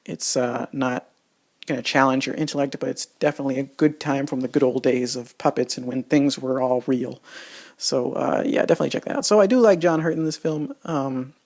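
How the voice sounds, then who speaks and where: A man's voice: mid-range voice, steady tone, brisk, a little mellow. A man giving a casual, rambling spoken film review, full of restarts and fillers and exasperated asides.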